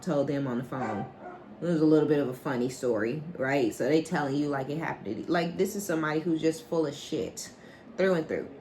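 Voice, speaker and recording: A woman with a deep, low voice gives an unscripted collective tarot reading. She talks bluntly and swears freely, and she keeps checking in with "right?" She acts out the lines of the people she describes with animation. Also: a little hiss or hum. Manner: animated, acts out quoted dialogue. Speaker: psychic tarot reader.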